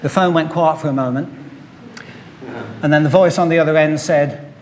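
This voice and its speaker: A man preaching a sermon, opening with a told story and acting out its voices with measured pauses. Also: on the high side, a little hiss or hum.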